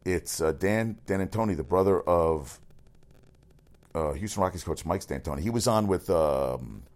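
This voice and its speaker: A man running through sports news as a radio host, rambling, excitable and swearing often. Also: sits low, moderate pace. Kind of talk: casual sports news rundown.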